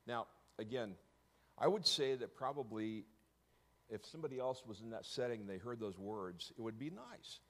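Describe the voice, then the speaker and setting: A man's voice: mid-range voice, expressive, normal speed. A middle-aged man telling his personal story to an audience, often stopping to correct himself and slipping in joking asides.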